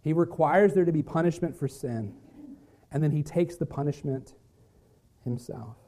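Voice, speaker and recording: A pastor delivers a sermon with a mellow, slightly high male voice. He swings from loud, emphatic lines down to hushed, quiet ones as he preaches. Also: normal speed.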